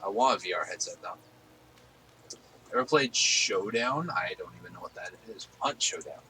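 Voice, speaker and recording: A man's voice: low-pitched, animated, normal speed, noisy background. A man hosting a casual gaming stream from home on a headset, rambling easily with lots of fillers. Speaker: streamer host.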